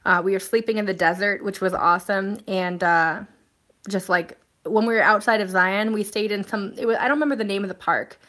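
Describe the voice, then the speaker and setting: A woman's voice: medium pitch, a little fast, a bit bright. Chatty woman hosting a live stream. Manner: chatty and rambling, many fillers and restarts. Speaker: live stream host reading viewer comments. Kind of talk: casual live-stream chat.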